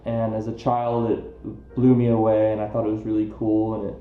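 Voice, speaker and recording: A man's voice: fairly low pitch, completely flat delivery, moderate pace. A man volunteer answering an interview in an earnest, reflective way. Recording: echoey, dull lo-fi sound, faint music.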